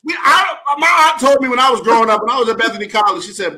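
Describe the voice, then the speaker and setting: A man's voice: very high-pitched, lively intonation, quick pace, few pauses, sharp tone, slight background noise. A man co-hosting a casual sports radio show, teasing his partner with exaggerated outbursts. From United States. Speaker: co-host.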